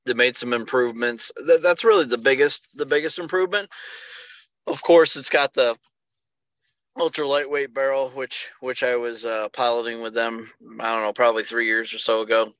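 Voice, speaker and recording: Man, podcast co-host, bright forceful voice, dull lo-fi sound, animated storyteller. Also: mid-range voice, normal speed, no echo. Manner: animated storyteller, acts out quotes. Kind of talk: casual chat.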